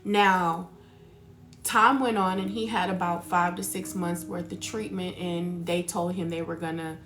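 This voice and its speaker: A woman giving a casual spiritual talk as a reader, telling stories in an animated way and calling her listeners baby. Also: fairly low pitch, a little slow.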